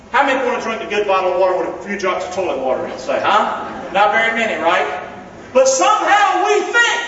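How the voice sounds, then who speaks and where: A man preaching a sermon in a church, folksy and joking, calling on the congregation to answer and slowing down hard on the words he stresses. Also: sits high, a bit bright, slight background noise. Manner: emphatic, slows down to stress key words. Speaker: pastor. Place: church sanctuary. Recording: echoey hall, distant dull mic.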